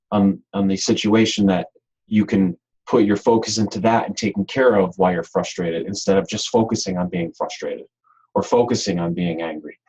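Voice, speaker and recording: Male webinar presenter, husky and breathy, loose and repetitive delivery. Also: on the low side, darkish tone, low-quality recording. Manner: rambling, repeats words, many ums. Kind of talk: unscripted webinar talk.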